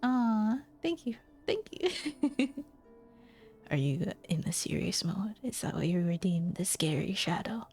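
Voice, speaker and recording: A woman's voice: mid-range voice, expressive, takes it slowly, a little mellow, slightly rough, faint music behind. Friendly giggly woman streamer. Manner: friendly, thanks chat, giggly asides. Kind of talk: casual stream chat between visual novel lines.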